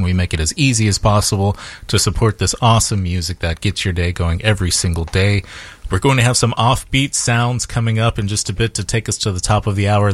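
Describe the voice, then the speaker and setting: A man's voice: sits low, no echo. A man hosting a classical radio morning show in a studio, making upbeat, persuasive fund drive appeals. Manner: upbeat and persuasive, repeating the phone number. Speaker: radio host. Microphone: studio microphone.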